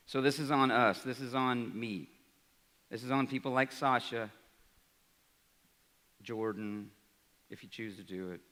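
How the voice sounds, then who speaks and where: A man's voice: mid-range voice, a little slow, pauses often. Man in his forties speaking in a hall. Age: 40s. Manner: energetic, rhetorical, asks the crowd "right?". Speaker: college president. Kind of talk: speech to an audience. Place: large hall. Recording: reverberant hall, live speech.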